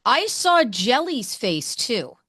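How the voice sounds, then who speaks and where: A woman radio host chatting with a guest in a gushing, excitable way, talking fast in bursts. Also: on the high side, dry recording, clean studio sound. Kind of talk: enthusiastic interview chat.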